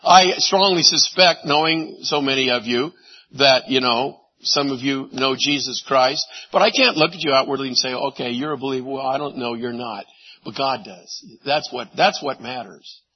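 A man preaching a sermon, animated, swinging from loud exclamations to hushed asides. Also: medium pitch, normal speed, muffled recording. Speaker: pastor.

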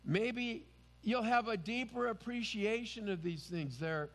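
A man's voice: high-pitched, unhurried, a bit bright, long reverb tail. A man preaching a sermon as pastor, earnest and emphatic.

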